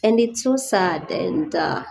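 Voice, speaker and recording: Mellow-voiced woman speaking earnestly. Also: fairly low pitch, lively intonation, slow pace, gravelly, slight background noise, low-quality recording. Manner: earnest, pleading, rising to indignant questions. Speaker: disability advocate. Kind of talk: personal awareness talk.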